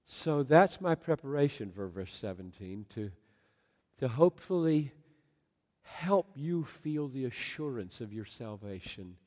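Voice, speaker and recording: A male pastor preaching a sermon in a large room, swinging from loud emphatic lines to soft, near-whispered ones. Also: mid-range voice, animated, unhurried. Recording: long hall reverb.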